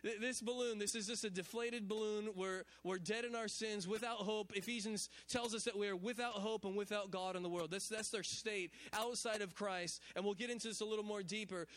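A man's voice: sits high, brisk, few pauses. A man pastor preaching a sermon, repeating phrases, stumbling over restarts and calling on the congregation to respond. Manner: repetitive preaching with stammered restarts and call-and-response; animated, builds to shouted exclamations.

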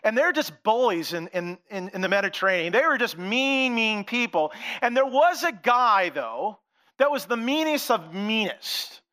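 A man telling a Bible story to children in an animated, playful way, talking directly to the kids. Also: high voice, moderate pace. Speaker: children's pastor. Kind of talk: sermon for children.

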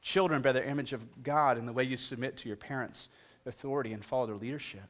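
A middle-aged male pastor preaching a sermon and telling a humorous story with animated delivery. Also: medium pitch, fast talker.

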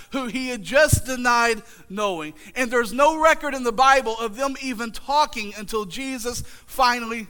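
High, bright-voiced preacher man. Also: smooth. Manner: humorous, self-mocking, builds to shouted retellings. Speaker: pastor. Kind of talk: sermon.

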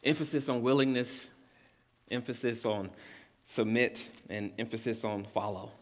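Preaching slightly slowly, a pastor leans earnestly on repeated key words, his pitch and volume rising at the sermon's peaks. His voice rings with a long hall reverb.

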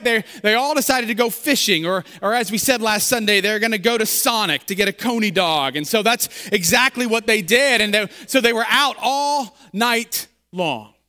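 Male pastor, high and bright, sermon in an echoing sanctuary, casual storytelling delivery. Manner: conversational retelling with fillers and repeats. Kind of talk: sermon with scripture reading and prayer. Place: church sanctuary. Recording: long church reverb.

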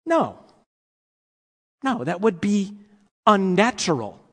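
A man preaching a sermon to his congregation in an animated, playful way, asking them rhetorical questions. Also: high voice, slow pace. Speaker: pastor. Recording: long hall reverb.

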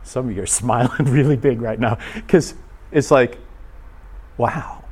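A man's voice: mid-range voice, normal speed, a little mellow. A man preaching an informal sermon to a live audience, asking them questions and acting out short quoted voices. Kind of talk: conversational sermon.

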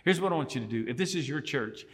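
A male pastor delivering an earnest sermon, circling back to key phrases. His voice sits in the middle range, neither high nor low. It carries a long reverb, as if spoken in a large room. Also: expressive, fast. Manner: earnest, repeats key phrases, shifts between soft and emphatic.

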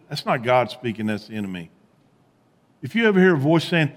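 A man preaching a sermon as pastor, animated, with rising emphatic peaks and quiet low asides. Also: fairly quick, long reverb tail.

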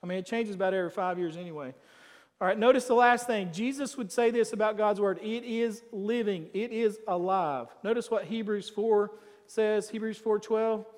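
High-voiced preacher in a reverberant church. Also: male voice, normal speed. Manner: emphatic, swinging between loud declarations and quiet asides. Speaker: pastor. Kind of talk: sermon.

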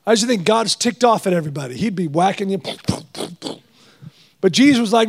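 A middle-aged man preaching a guest sermon, animated and storytelling with jokes. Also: sits high, fast, gravelly.

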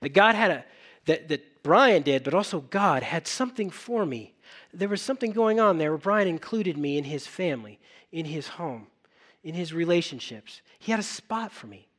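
A middle-aged male pastor preaching a sermon, telling stories with animated acted-out dialogue. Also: on the high side, moderate pace. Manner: animated storytelling, acting out dialogue.

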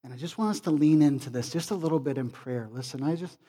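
A man's voice: a little high, fast, husky. Impassioned male pastor in a reverberant hall. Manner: swells from quiet pleading to loud impassioned appeals. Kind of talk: sermon with closing prayer. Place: church sanctuary.

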